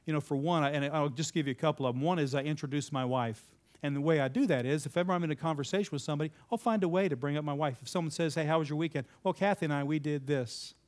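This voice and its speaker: A man's voice: fairly high pitch, rapid-fire, hardly any pauses. A man giving a conversational, sermon-style talk, asking the audience questions and repeating their answers, with sudden emphatic lifts. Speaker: speaker addressing a live audience.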